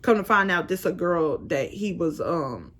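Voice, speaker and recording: A young woman casually telling a storytime vlog with animated, slangy phrasing. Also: on the low side, moderate pace. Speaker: vlogger.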